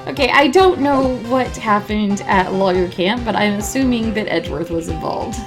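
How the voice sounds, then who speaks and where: A woman's voice: mid-range voice, normal speed. A woman giving casual commentary over a video game, with wry asides. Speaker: let's play commentator. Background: game music.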